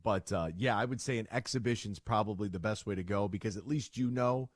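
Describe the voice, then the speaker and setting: A man's voice: on the low side, a little fast, no room sound, studio quality. A man hosting a sports radio show, talking casually and bluntly, acting out conversations as he tells stories. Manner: animated storyteller, acts out both sides of conversations; blunt and opinionated. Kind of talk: casual sports talk monologue.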